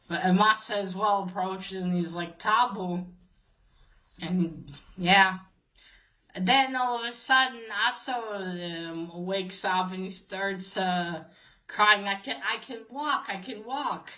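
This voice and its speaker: A woman's voice: medium pitch, pushed and bright, highs cut off. A woman casually retelling a comic book story, hesitant, with many fillers and restarts.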